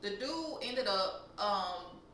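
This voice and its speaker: A young woman from Louisiana with a Louisiana accent, telling a profane, animated storytime that jumps high and loud when she gets heated. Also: slow, very echoey, distant mic, a little hiss or hum, rough recording. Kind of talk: casual storytime.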